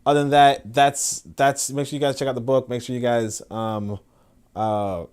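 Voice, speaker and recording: A man's voice: medium pitch, little pitch movement, normal speed, a little mellow, smooth. Slangy rambling man hosting a livestream. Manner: rambling, slangy, many fillers and laughs. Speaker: host. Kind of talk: casual livestream chat.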